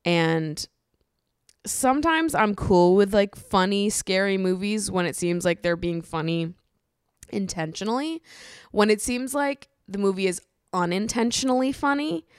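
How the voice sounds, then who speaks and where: A woman's voice: medium pitch, lively intonation, measured pace, clean tone, dry recording, clean studio sound. A woman hosting a podcast, rambling in a casual, chatty way, swearing freely and laughing often. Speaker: podcast host.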